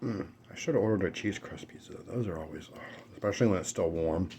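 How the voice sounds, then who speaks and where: Eating on camera at home while dogs are nearby, a man vlogs mukbang-style, rambling casually through stories full of fillers and self-corrections. He has a deep voice and talks fast, with background noise in the recording.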